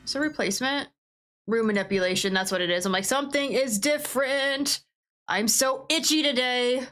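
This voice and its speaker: Blunt, chatty woman streamer, higher voice. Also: normal speed, fairly bright tone. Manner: chatty, blunt, swears freely. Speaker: gaming livestreamer. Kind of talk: casual livestream chat while playing. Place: at her desk at home.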